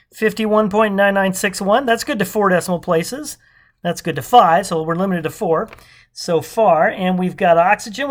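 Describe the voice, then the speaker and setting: In a high, somewhat bright voice, a man gives a casual, upbeat chemistry lesson that was recorded informally. He's chatty and keeps tossing out rhetorical questions to check in with his audience.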